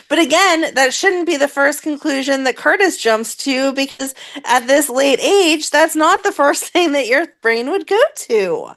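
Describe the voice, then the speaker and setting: A woman co-hosting a podcast in casual chat, animated and laughing often, acting out lines she quotes. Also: sits high, moderate pace, hardly any pauses. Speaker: podcast co-host.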